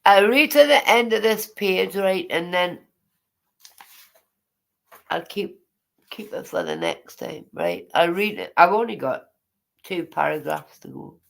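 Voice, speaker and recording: A woman's voice: lowish voice, very animated, measured pace, creaky, pauses often. Chatty woman reading aloud. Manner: chatty, digressive, teasing asides. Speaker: vlogger reading her memoir aloud.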